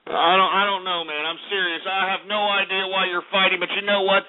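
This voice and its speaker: A man's voice: sits high, little pitch movement, a little fast, smooth. A male call-in radio host ranting angrily and swearing at his callers. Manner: angry, profane, shouting tirades. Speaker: radio host taking calls. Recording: phone-like lo-fi stream audio.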